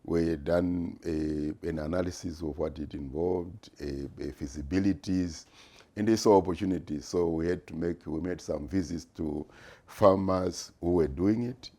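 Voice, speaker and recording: With a deep voice and dark tone, a retired business executive in his sixties from Zimbabwe takes interview questions. He speaks in a deliberate, measured manner and pauses often.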